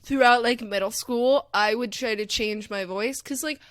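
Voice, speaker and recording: A woman's voice: fairly high pitch, moderate pace, a bit bright, no echo. A young woman chatting casually on a podcast, with a Valley-girl inflection and casual swearing.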